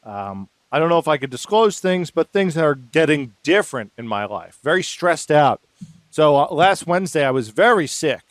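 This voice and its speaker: A man co-hosting a podcast in casual chat, wry and sarcastic with a deadpan edge. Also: on the high side, moderate pace, no room sound. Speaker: podcast co-host.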